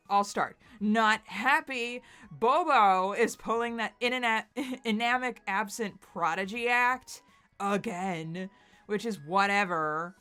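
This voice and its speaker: A woman's voice: mid-range voice, bright, forceful tone, clean tone. A woman voicing an anxious, melodramatic young man in a dramatic webcomic read-aloud. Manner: fretful and melodramatic.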